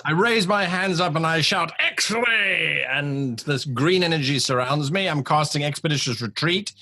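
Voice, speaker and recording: A man's voice: fairly high pitch, moderate pace, bright, forceful tone. A man playing a tabletop game, wry and self-mocking as he describes his moves. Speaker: player.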